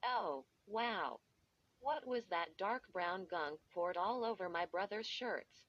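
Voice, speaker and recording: A woman narrating an audiobook at an unhurried, deliberate pace. Her reading is steady and even. The recording is dull and lo-fi, with the top end rolled off. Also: medium pitch. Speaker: audiobook reader. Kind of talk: first-person audiobook narration.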